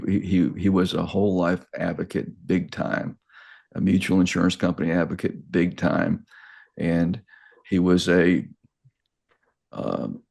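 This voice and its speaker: Older male guest, very low voice, rambling halting storyteller who restarts mid-sentence; casual, unpolished delivery. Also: creaky, darkish tone. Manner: halting, repeats words and restarts often.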